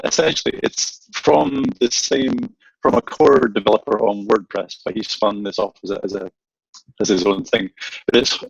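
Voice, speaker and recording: Gravelly low Scottish man. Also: dry recording, highs cut off. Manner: relaxed, explanatory, with frequent restarts. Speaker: panelist. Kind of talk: casual panel discussion.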